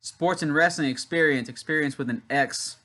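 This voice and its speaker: This young man from Louisiana speaks at normal speed with a sharp tone and a voice on the high side. Hosting a relaxed wrestling watch-along for YouTube, he wanders through a story in between remarks about the match.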